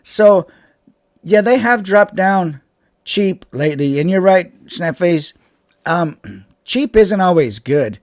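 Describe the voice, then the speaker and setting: A man's voice: high-pitched, expressive, slow pace, a little mellow, no room sound, studio quality. A man hosting a casual live stream from home over a webcam, rambling with fillers and restarts and laughing often. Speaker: channel host chatting with live viewers.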